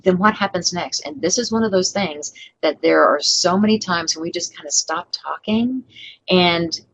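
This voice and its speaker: Low-voiced woman leading a webinar. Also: moderate pace, poor audio. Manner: upbeat coaching tone, acts out sample customer lines. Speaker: webinar trainer. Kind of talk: online training webinar.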